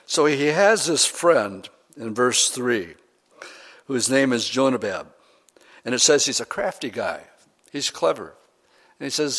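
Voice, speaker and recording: A man's voice: mid-range voice, animated, unhurried, pauses often, a bit bright. A man preaching a sermon, retelling a scripture story in a conversational way, paraphrasing the characters and correcting himself with fillers as he goes. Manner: conversational, paraphrasing with quoted voices.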